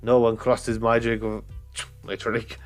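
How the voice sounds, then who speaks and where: A man voicing an angry male bridge troll who speaks slowly in a put-on accent. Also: mid-range voice, completely flat delivery, faint music behind, lightly acted. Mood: menacing. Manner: slow, shouting, put-on accent.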